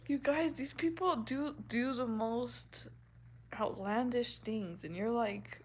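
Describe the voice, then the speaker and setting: A woman's voice: fairly high pitch, extremely slow, long pauses, husky, poor audio. A woman chatting casually with her viewers, laughing often and acting out what people said. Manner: giggly, laughs often, acts out quotes. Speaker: livestream host chatting with viewers. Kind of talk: casual chat.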